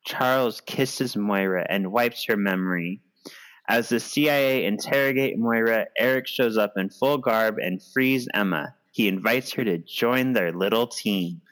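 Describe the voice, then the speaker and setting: A man co-hosting a movie podcast, calmly explaining his opinions in casual chat. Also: mid-range voice, a little slow. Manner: thoughtful, explains his views with many "like"s. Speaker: podcast co-host.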